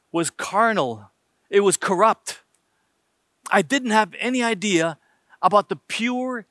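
A man's voice: sits high, fairly bright tone, no echo, clean studio sound. A man preaching a sermon emphatically, using rhetorical questions and numbered points.

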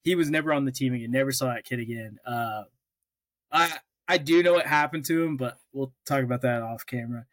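A man's voice: mid-range voice, a little fast, a bit bright, no room sound. A young man from Oklahoma co-hosting a podcast, telling stories in casual chat and swearing freely. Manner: storytelling, swears freely, restarts often. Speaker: podcast co-host.

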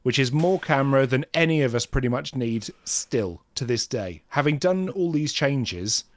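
A man co-hosting a relaxed podcast, joking at his own expense as he tells his stories. His voice sits in the middle range and is recorded close and dry, with no room sound. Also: mid-range voice, moderate pace, dry recording. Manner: self-mocking, animated storytelling. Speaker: podcast co-host. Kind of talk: casual podcast chat.

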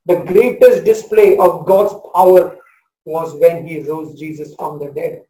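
A man in his forties from India preaching a sermon as pastor, swinging between loud proclamation and a soft hush. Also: fairly high pitch, a little slow, reverberant, poor audio. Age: 40s.

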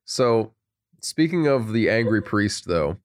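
A man's voice: lowish voice, sing-song, slow. A man co-hosting a podcast, telling stories in a wry, casual way. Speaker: podcast co-host. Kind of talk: casual film discussion.

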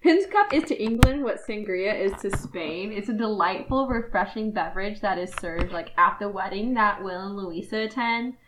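A woman's voice: mid-range voice, lively intonation, normal speed, hardly any pauses, noisy background. A woman co-hosting a casual book podcast over drinks, giggling often and swearing offhandedly. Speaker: podcast co-host.

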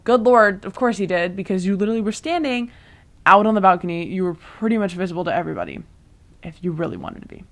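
A young woman vlogger chatting through a casual recap of a TV show, full of fillers and asides. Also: medium pitch.

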